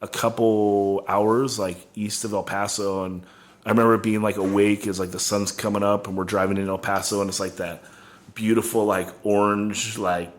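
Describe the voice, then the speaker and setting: A man's voice: fairly low pitch, level tone, moderate pace. Rambling man telling a road story. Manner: rambling storyteller, heavy "like" filler. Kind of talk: casual podcast chat.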